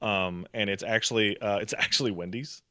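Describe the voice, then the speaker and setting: A man's voice: on the low side, brisk, no echo, studio quality. A man in his thirties, a podcast co-host, telling stories in casual chat with lots of "like". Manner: animated storyteller, lots of "like".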